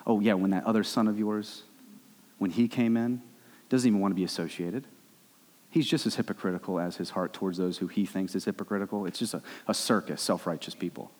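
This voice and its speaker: A young adult male pastor preaching a sermon, with animated swings between loud, high bursts and low, quiet stretches. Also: brisk. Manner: animated preaching, rising and dropping sharply. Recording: long hall reverb.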